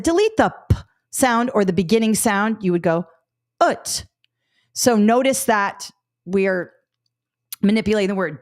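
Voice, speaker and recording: A middle-aged woman teaching a live test-prep webinar, upbeat and coaching, talking through examples out loud. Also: medium pitch.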